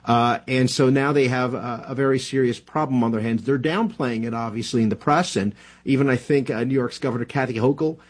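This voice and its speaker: This New Jersey man, a political commentator, talks casually in a radio interview with a steady, mid-range voice. His delivery is halting, packed with fillers and restarts.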